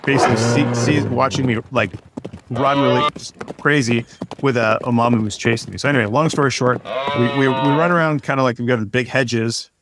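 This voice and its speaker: A man's voice: mid-range voice, brisk, very noisy. A man in his forties, a podcast guest telling a story casually, rambling with many fillers and restarts. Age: 40s. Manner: rambling, lots of fillers and restarts, lively when retelling.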